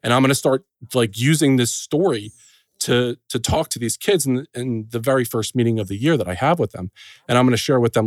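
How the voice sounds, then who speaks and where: A middle-aged man as a podcast guest, telling a personal story in an earnest, emotional way with frequent pauses and restarts. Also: mid-range voice, no echo, clean studio sound.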